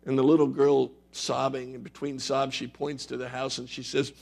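A man's voice: mid-range voice, level tone, normal speed, creaky, few pauses, darkish tone. A male pastor preaching a sermon in a conversational, emphatic way with wry humor.

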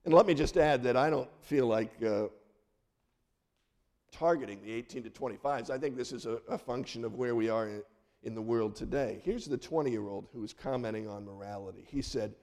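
A middle-aged male pastor giving a sermon, earnest, with dramatic drops into soft, quiet phrases. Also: mid-range voice, fairly quick.

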